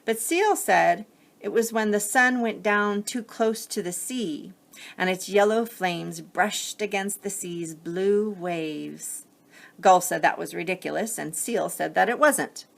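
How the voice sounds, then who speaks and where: A woman reading a picture book aloud to children as a teacher, gently pausing to explain the story. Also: fairly low pitch, gravelly.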